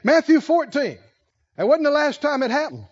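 Preacher guy with a real high voice, keeps asking the congregation questions and chuckling, dull lo-fi recording. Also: sing-song, moderate pace. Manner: asks the congregation questions and chuckles between points. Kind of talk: conversational sermon.

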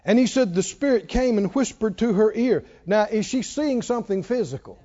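A man preaching a sermon, swinging between hushed warnings and hollered lines and acting out a tempter's whisper. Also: high voice, lively intonation, normal speed, muffled recording.

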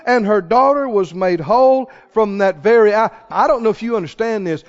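A man preaching a sermon who rises into shouts and calls out questions to the congregation. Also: sits high, very animated, unhurried, few pauses, dull audio.

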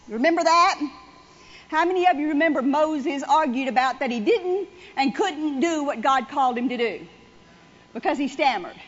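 A woman's voice: high-pitched, dull audio. A woman preaching a conversational sermon to a congregation, repeating phrases for emphasis. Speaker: church speaker.

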